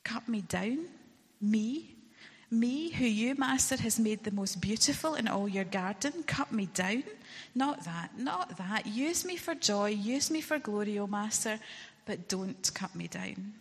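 A devoted, noble bamboo plant pleads with his master, his voice lifted and a little breathy, as a woman reading aloud puts him on. The storybook reading carries a long reverb from a large hall, and the pleas sit higher than the reader's own talk. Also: measured pace, few pauses, exaggerated voice. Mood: pleading. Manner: pleading, then hushed surrender. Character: proud gentle bamboo plant, male, devoted.

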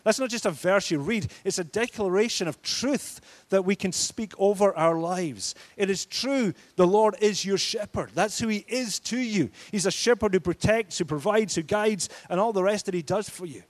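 A man's voice: high-pitched, moderate pace, hardly any pauses. A man preaching a sermon, emphatic and declaring, his force rising and falling. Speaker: pastor.

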